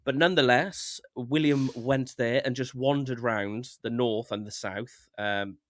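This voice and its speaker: A man, co-hosting a podcast, telling a story in a relaxed, rambling way. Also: mid-range voice, unhurried. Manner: breezy, rambling, swears casually. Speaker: podcast co-host. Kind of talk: casual chat telling stories.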